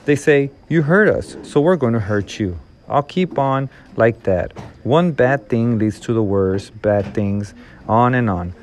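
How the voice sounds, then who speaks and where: A man reading the lines of a weary, gentle woman guide in a calm, explaining way. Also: mid-range voice, a little slow, slight background noise, natural voice.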